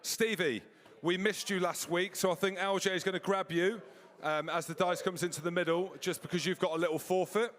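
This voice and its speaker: A man from Scotland hosts a live rugby fan night, a touch high in pitch. He jokes and plays to the crowd, his voice trailing off into a long reverberant hall. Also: fairly even intonation, brisk, a bit bright. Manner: joking, upbeat crowd-pleasing. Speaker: host. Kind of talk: live fan show banter. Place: clubhouse before a live audience.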